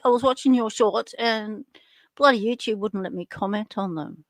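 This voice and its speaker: A woman's voice: mid-range voice, normal speed, no room sound, clean studio sound. Chatty Australian woman hosting a livestream. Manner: chatty, greets viewers by name. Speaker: livestream host. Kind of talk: casual livestream chat.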